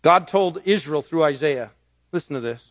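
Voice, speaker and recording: A man preaching a sermon, swinging between ringing, raised declarations and soft, low asides. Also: expressive, moderate pace, no room sound, dull audio. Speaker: pastor.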